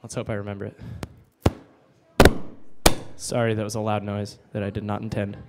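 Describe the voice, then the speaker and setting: A man bantering on stage at a bookstore open mic, rambling and self-deprecating, with quick asides into a handheld mic. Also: lowish voice, monotone, very noisy. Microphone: handheld mic, then a mic stand.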